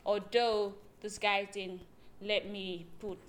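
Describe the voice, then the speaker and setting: A woman's voice: medium pitch, level tone, slow. A Nigerian woman hosting a casual podcast chat, chatty and upbeat as she wraps things up. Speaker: podcast host.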